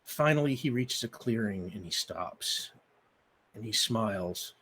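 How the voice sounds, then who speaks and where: Energetic male game master with lots of ums. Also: lowish voice, measured pace, a little hiss or hum. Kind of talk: live-stream announcements and story narration.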